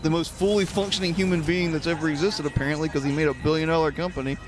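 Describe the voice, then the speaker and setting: A man's voice: a little high, steady tone, quick pace, music in the background. A man hosting a gaming video, telling rambling stories in casual banter and laughing often. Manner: rambling storyteller, frequent laughter, slips into goofy impressions. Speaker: gaming channel host. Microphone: desk microphone.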